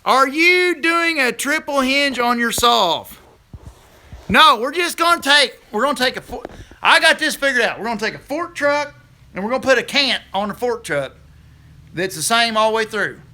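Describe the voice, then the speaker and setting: Host, middle-aged man, high and piercingly bright voice, folksy live-stream banter. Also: animated, moderate pace. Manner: folksy, chatty, laughs easily. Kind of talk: casual live stream chat with viewers.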